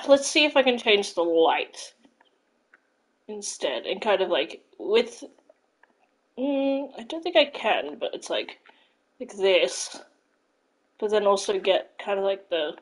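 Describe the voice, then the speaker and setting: A woman live-streaming a video game, chatting casually and gushing excitedly to her viewers. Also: medium pitch, slow, pauses often, low-quality recording. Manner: gushing, excitable, thanks followers. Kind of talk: casual live-stream chat while playing.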